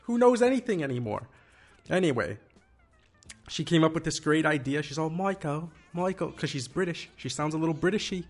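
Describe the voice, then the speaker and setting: A man's voice: a little high, lively intonation, a little fast. A man hosting a casual podcast in an office conference room, rambling and joking at his own expense. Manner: rambling, joking, self-deprecating. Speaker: podcast host.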